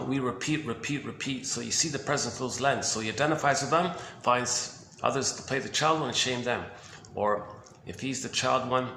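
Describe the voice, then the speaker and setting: A man's voice: mid-range voice, creaky, pushed and bright. A man giving a rambling, casual talk about psychology, thinking aloud with many restarts. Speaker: video host. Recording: roomy echo with faint hiss.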